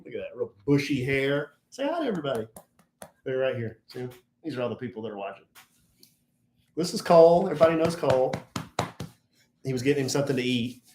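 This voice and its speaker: A man's voice: mid-range voice, fast talker, long pauses. A middle-aged man co-hosting a podcast in casual, joking chat. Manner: lively, joking, talks with his son. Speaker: podcast co-host. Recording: echoey room with faint noise.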